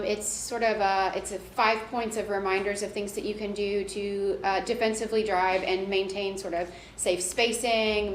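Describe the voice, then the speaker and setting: A woman presenting a transit performance report at a board meeting, walking through slides. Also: medium pitch. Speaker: transit agency staff presenter. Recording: echoey room with background noise.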